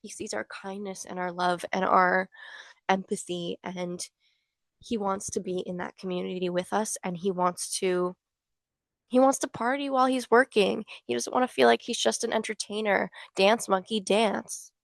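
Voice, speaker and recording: Chatty young woman with a gravelly edge. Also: mid-range voice, fairly even intonation, moderate pace, dry recording. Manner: chatty and gushing, many fillers. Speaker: vlogger. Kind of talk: casual fan talk to camera.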